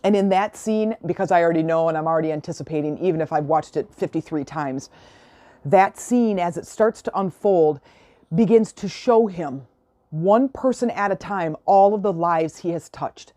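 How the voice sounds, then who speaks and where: A woman's voice: fairly low pitch, moderate pace, mellow, dry recording. A woman hosting a solo podcast, retelling a film and urging listeners to be grateful, in an earnest, motivational, emotional way, close to the mic. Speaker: podcast host.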